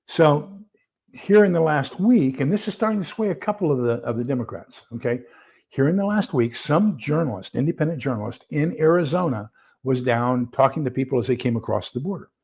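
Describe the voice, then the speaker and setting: A man talks loosely on a live stream, his mid-pitched voice carrying a gravelly edge. He drifts and circles back with lots of fillers while reading aloud and wrestling with screen sharing. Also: animated, moderate pace, a little mellow. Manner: rambling, filler-heavy, reads aloud while fumbling with screen share. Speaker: livestream host. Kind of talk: casual live-stream commentary.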